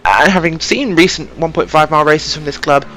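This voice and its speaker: A woman's voice: low voice, brisk, fairly bright tone, slight background noise. A woman co-commentating an online sim race, easygoing with dry humour.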